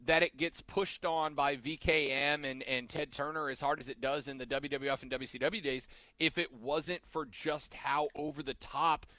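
A man's voice: fairly high pitch, steady tone, normal speed, few pauses, pushed and bright, dry recording. A man hosting a casual podcast chat, rambling and backtracking mid-sentence as he talks.

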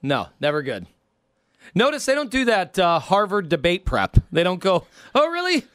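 Lively high-voiced joking man. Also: moderate pace, smooth. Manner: playful, hyping, jokey. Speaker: podcast co-host. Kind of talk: casual chat.

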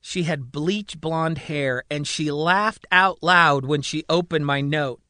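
A man's voice: on the high side, slow pace, pushed and bright, no echo. A man voicing a male patient who insists he is the president, earnest and pleading.

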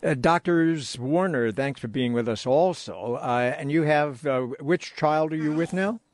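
A man hosting a news interview, friendly and quick to laugh, often restarting his questions. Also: fairly high pitch, dry recording, studio quality. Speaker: news radio host.

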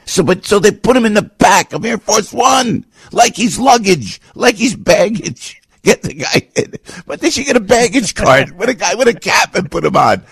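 Fired-up gravelly male radio host. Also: high voice, sing-song, moderate pace, hardly any pauses, fairly bright tone, no echo, clean studio sound. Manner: fired-up, indignant, rambling. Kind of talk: talk radio commentary. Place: radio studio.

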